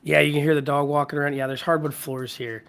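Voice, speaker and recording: A man hosting a casual live stream from home, hoarse from a cold and keeping his voice low, rambling as he greets viewers by name. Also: little pitch movement, quick pace, fairly bright tone. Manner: keeps voice low to spare it. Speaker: livestream host. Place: at home with hardwood floors.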